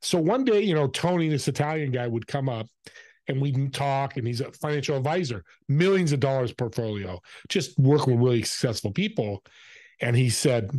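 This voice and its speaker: A man who is a podcast guest, telling an anecdote in an animated way and acting out the people in it. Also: mid-range voice, normal speed, no echo. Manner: animated, acts out the people in his stories. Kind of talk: anecdotal storytelling.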